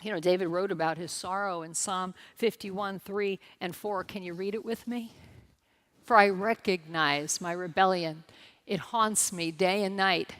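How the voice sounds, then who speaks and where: A woman's voice: lowish voice, fairly even intonation, unhurried, fairly bright tone. A woman pastor preaching a sermon at a church service, telling a story with emphatic repetition and speaking directly to the congregation with light humor.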